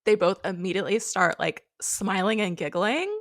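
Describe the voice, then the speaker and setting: With a mid-range voice and moderate pace, this podcast co-host recaps a reality show through chatty, casual storytelling, animatedly acting out the quotes.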